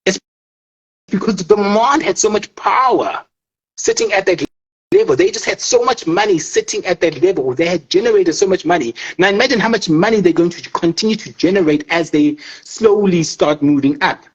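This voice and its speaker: Emphatic husky man. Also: high-pitched, expressive, moderate pace, muffled recording. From South Africa. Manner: emphatic, swears, keeps checking in with the listener. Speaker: forex trader. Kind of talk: casual explanatory interview talk.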